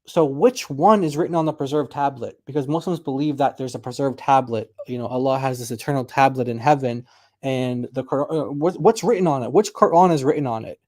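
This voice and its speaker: A man hosting a casual online discussion, chatty and quick to laugh as he reads out clips. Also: mid-range voice, darkish tone. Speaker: discussion group host.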